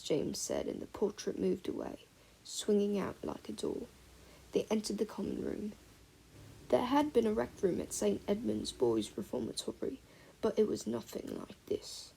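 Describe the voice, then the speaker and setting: A woman reading a fan-fiction audiobook aloud, expressive storytelling with soft breathy passages. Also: medium pitch, moderate pace, poor audio. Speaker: audiobook reader.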